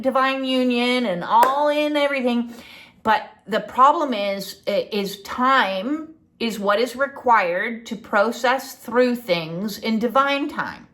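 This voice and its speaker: High-voiced woman teaching, blunt and chatty. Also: a bit bright. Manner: chatty and blunt, keeps checking in with "okay?"; swears casually. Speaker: spiritual coach. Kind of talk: casual spiritual teaching talk.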